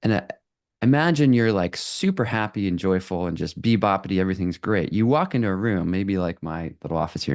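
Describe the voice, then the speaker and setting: A man speaks to a live audience in a low, dry-sounding voice. His delivery is animated and conversational, full of fillers, restarts and quick laughs. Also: dry recording. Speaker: photographer giving a talk.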